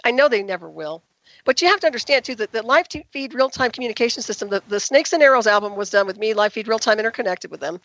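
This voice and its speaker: A woman's voice: on the high side, lively intonation, fast, fairly bright tone, no room sound. A woman guest on a call-in radio interview, telling her story in an emphatic, indignant way. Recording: dull, dry lo-fi recording.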